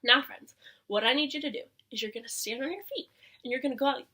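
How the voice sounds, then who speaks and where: A young woman leading a preschool circle time lesson from home, with an animated sing-song manner that often drops to a soft whisper. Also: high voice. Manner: animated sing-song teacher voice with gasps and drawn-out words. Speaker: preschool teacher.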